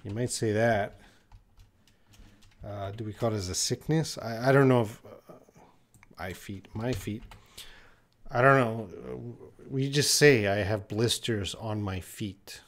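A man teaching English in a live question-and-answer stream, reading viewer questions aloud and answering them patiently. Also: lowish voice. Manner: slow, patient, reads viewer questions aloud then explains.

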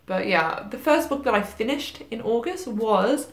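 A woman's voice: a little high, expressive, measured pace, reverberant. A young woman vlogging her monthly reading wrap-up in a chatty, self-deprecating way, with lots of fillers and little laughs. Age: young adult. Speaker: book vlogger.

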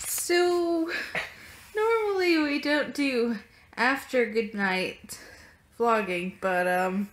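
A woman chatting casually as a family vlogger at home, chatty and quick to laugh. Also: on the high side, expressive. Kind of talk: casual daily vlog chat. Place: at home, indoors. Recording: roomy echo with clear background noise.

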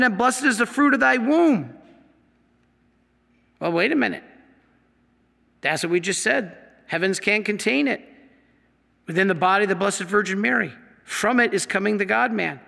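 A man, a Catholic priest, teaching his audience from slides in an animated way, with many rhetorical questions. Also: sits high, normal speed, gravelly, pauses often. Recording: long hall reverb.

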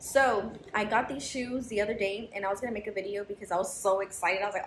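A woman's voice: mid-range voice, fairly even intonation, quick pace, hardly any pauses, slight background noise. A young woman chatting frankly to camera in a vlog, swearing freely as she tells her story. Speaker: vlogger. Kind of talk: casual chat to camera. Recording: roomy echo with background music.

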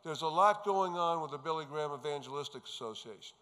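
Speaking quickly in a slightly high, bright voice, this New Yorker gives his testimony to assembled pastors with a forceful yet clean tone. He's earnest and emphatic, unfolding his story at a conference while the hall reverberates.

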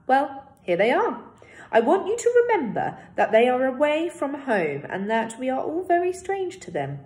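A woman voicing an old male village schoolteacher in a read-aloud story, speaking clearly, measured and kind. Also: a little high, darkish tone, voice pushed up. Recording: roomy echo.

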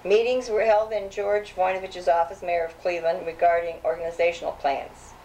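A woman's voice: fairly low pitch, steady tone, brisk, mellow, a little hiss or hum, rough recording. An older woman reminiscing as she reads old clippings aloud, chatty and hesitant, with frequent restarts. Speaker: safety program founder.

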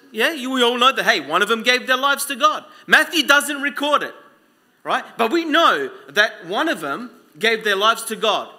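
A man preaching a live sermon in a church, urging the congregation and swinging between loud calls and hushed lines. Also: extremely high pitch.

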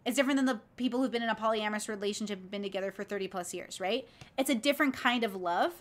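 A woman livestreaming casually, reacting to clips and chatting with viewers in an excitable, profane, rambling way. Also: mid-range voice, racing. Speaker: streamer reacting to video clips.

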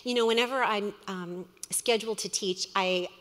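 A middle-aged woman teaching a women's Bible study, earnest and storytelling, with quick asides. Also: medium pitch, fairly bright tone. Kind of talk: sermon. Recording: long hall reverb.

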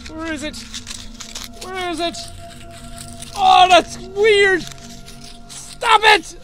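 A young Irish man giving loud, panicky let's-play commentary, yelping, laughing and swearing at a scary game. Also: extremely high pitch, steady tone, slow pace, faint music behind. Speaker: gaming video host.

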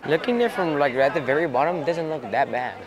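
Talking fast in a higher voice, a young vlogger narrates his climb up a long rock staircase outdoors, panting and awed by the scenery. It's a casual travel clip with dull audio and lots of crowd and outdoor noise.

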